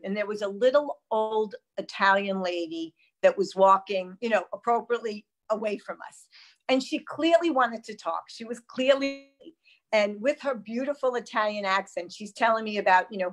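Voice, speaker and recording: A woman hosting a casual live conversation, telling stories in an animated, emphatic way. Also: mid-range voice, normal speed. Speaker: host.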